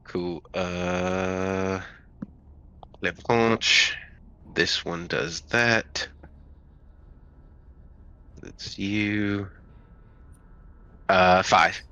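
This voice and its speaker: A man's voice: sits low, level tone, extremely slow, long pauses, sharp tone, clean tone. A man playing a tabletop game, animatedly describing his character's moves. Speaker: player.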